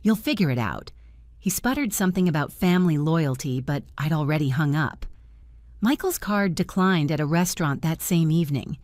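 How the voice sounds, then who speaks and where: An older woman narrating her own story in the first person, calm and firm. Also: low voice, normal speed, no room sound.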